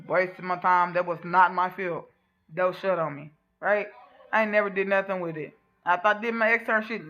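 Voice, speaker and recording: A woman's voice: medium pitch, pushed and bright. A woman from Texas in her thirties, venting in a blunt, profane, emphatic unscripted rant. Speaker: vlogger venting on camera.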